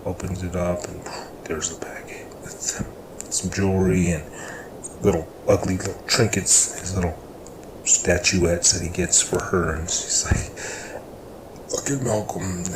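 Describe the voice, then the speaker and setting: A man with a fairly low voice tells a story in an easy, rambling way. He jumps up into a higher pitch whenever he quotes one of his characters. There is steady noise in the background. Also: measured pace, echoey room. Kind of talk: casual spoken storytelling.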